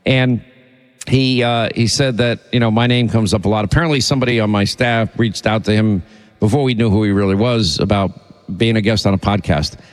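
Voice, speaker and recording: A man's voice: lowish voice, a little fast, big-room sound. A man hosting a talk radio show, delivering an indignant, rambling opinion monologue full of restarts.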